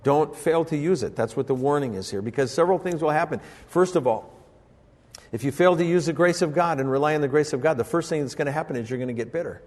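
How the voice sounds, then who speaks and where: An older man preaching a sermon as pastor, telling family stories and acting out voices with sudden high jumps in pitch. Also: fast, a little mellow, long reverb tail. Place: church sanctuary.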